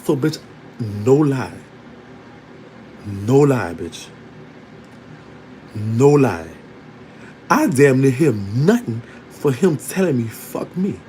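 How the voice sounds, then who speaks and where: A man's voice: medium pitch, slow pace, long pauses, slight background noise, rough recording. Candid man telling a story. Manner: animated and candid, breaking into laughter. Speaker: storytelling vlogger. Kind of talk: casual storytelling to an online audience.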